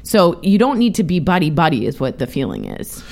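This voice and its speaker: Female co-host, casual chat, opinionated and jokey, very animated pitch. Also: vocal fry. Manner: opinionated, chatty, quick jokes.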